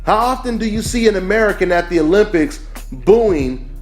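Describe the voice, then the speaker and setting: A man's voice: high voice, lively intonation, moderate pace. A man hosting a boxing channel, delivering an emphatic opinion rant that keeps repeating its points and asking "right?". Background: faint background music.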